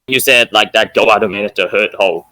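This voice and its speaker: A man's voice: lowish voice, brisk, a crowd in the background, poor audio. A young man in a casual online debate, arguing back with questions and rambling points. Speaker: debate opponent.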